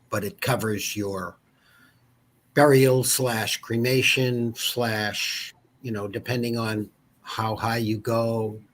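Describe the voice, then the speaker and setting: A man in his fifties, an insurance agent and guest, chatting casually and telling rambling stories full of asides. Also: medium pitch. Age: 50s. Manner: rambling storyteller, many asides. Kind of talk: casual interview chat.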